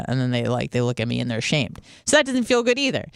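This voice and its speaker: A woman's voice: very deep voice, big pitch swings, fast talker, gravelly, clean tone, no echo, studio quality. A woman in her thirties from the United States hosting a radio show, telling rambling stories with lots of swearing and quoted asides. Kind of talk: casual radio monologue.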